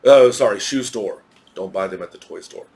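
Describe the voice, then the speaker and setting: A man's voice: lowish voice, moderate pace, a little mellow. A man with an American accent teaching an English grammar lesson, explaining step by step and spelling words out letter by letter.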